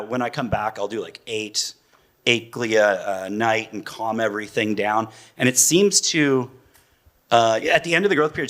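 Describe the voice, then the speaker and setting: A man's voice: medium pitch, fairly bright tone. A man in his forties, a parent guest on a panel, talking in a chatty, loose way and laughing often. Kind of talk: casual panel talk.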